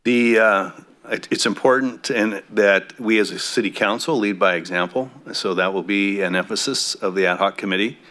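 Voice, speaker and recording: A man on a city council giving remarks at a public meeting, speaking haltingly with many fillers, his voice a bit throaty. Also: on the low side, sharp tone. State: throaty coffee voice.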